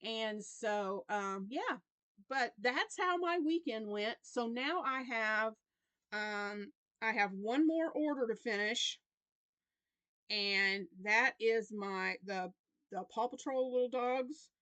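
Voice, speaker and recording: A woman's voice: a little high, animated, slow, a bit bright, clean tone, dry recording. Chatty Southern grandmother, dry close sound. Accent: Southern American. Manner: chatty, rambling with restarts and fond anecdotes. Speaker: crochet vlogger. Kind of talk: casual chat to camera.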